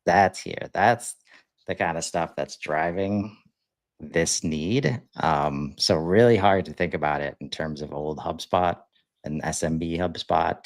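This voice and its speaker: In a casual podcast chat, this male co-host talks in a low, unhurried voice, relaxed and rambling, full of fillers and restarts. There's no echo on the recording.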